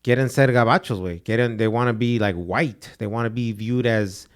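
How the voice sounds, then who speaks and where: Young dude on a podcast, loose slangy storytelling, drops spanish words here and there. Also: male voice, mid-range voice, a little fast, smooth. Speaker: podcast co-host. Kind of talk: casual podcast chat.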